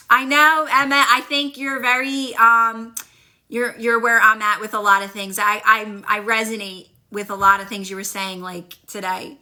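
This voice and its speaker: A bright, pushed voice on the high side, steady in tone and at normal speed, belongs to a manifestation coach. She chats casually with her phone livestream audience, upbeat and encouraging as she answers their comments.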